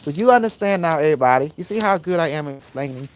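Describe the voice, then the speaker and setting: A man's voice: on the high side, expressive, fast talker, a little hiss or hum. Man rambling in broken English. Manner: broken English, repetitive, emphatic. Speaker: spiritual teacher. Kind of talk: rambling informal lecture.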